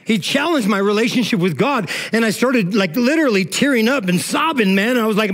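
A middle-aged man preaches a sermon in a fairly high voice. He talks to the congregation in a loose, emotional way, leaning on "man" and "all right" between points. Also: lively intonation, brisk, hardly any pauses, fairly bright tone. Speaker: pastor.

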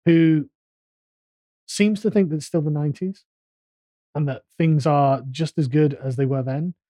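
A man hosts a podcast chat with a mellow, darker tone and a mocking, sardonic edge. His voice is recorded close and dry. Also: on the high side, steady tone, unhurried, dry recording. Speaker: podcast host. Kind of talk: casual discussion.

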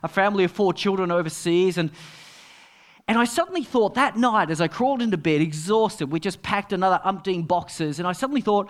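Middle-aged male pastor, sermon, storytelling manner with quiet asides; high, very lively voice. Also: fairly quick.

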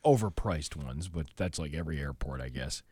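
A man's voice: very deep voice, lively intonation, a little fast, warm tone, breathy edge, dry recording. A man co-hosting a casual podcast, reading local news stories and rambling about them with many restarts.

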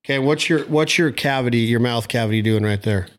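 A man's voice: mid-range voice, fairly quick. A man hosting a casual chat, eagerly prompting his guest with short requests. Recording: loud duck calls behind.

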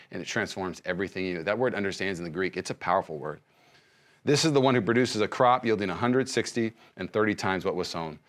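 A male pastor giving a sermon, speaking conversationally with many restarts and swinging between loud emphasis and soft hushed lines. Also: deep voice. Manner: frequent fillers and restarts, conversational preaching.

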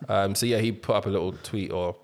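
Laid-back British man, low voice. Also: quick pace. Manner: animated storyteller, laughs through his own jokes. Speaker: podcast host. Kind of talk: casual chat.

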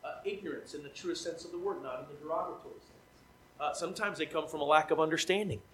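A traveling evangelist preaches a sermon with emphasis, repeating key phrases and swinging between loud, pleading questions and quiet, conversational asides. His voice runs on the high side and he talks quickly. The recording is rough, with a little hiss or hum.

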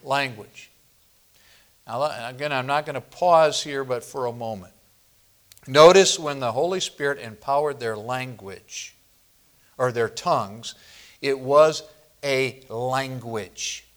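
A man's voice: mid-range voice, unhurried. A man from the northern Midwest of the US preaching a sermon, a pastor who teaches verse by verse and asks the congregation questions.

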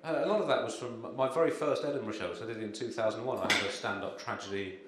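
Deadpan guy doing stand-up, lots of ums, very echoey room, room noise behind. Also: fairly low pitch, quick pace. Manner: dry, deadpan delivery with frequent ums and chuckles. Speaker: stand-up comedian. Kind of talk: deadpan live stand-up set. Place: live comedy gig venue. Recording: very echoey room with clear ambience.

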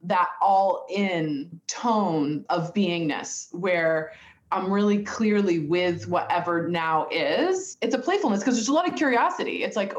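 A woman talking in a quick, playful, enthusiastic way in a casual conversation over a video call. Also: medium pitch, roomy sound, dull audio.

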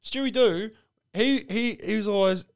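A man's voice: high-pitched, normal speed, clean tone. An Australian man in casual sports chat, sweary and joking.

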